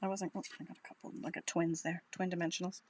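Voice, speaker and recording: A woman's voice: fairly low pitch, level tone, quick pace, a little hiss or hum. A woman with a Boston accent giving a chatty, upbeat live crafting tutorial, thinking aloud as she works. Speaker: craft demonstrator.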